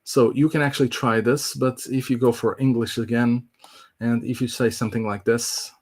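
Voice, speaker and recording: A man's voice: mid-range voice, flat delivery, normal speed, darkish tone. Casual man walking through a tech demo. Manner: casual, filler-heavy explaining. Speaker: tech presenter. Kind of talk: live online tech demo.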